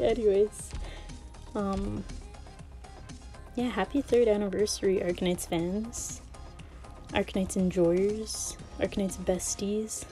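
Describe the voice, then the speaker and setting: A woman gamer rambling in easy, casual chat, often giggling and a little out of breath. Her voice is mellow and soft-edged, with faint game music in the background. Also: medium pitch. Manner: says she always sounds out of breath. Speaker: gaming video creator.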